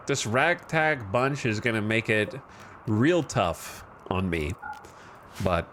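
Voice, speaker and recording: A man's voice: medium pitch, fairly bright tone, slight background noise. A man streaming a game, giving casual commentary in a wry, rambling, self-deprecating way.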